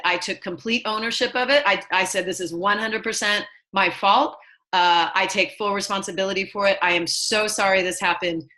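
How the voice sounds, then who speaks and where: A woman's voice: mid-range voice, pushed and bright, low-quality recording. A woman teaching an online motivational class, earnest and emphatic as she tells personal stories. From lives in Los Angeles. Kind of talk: motivational lesson.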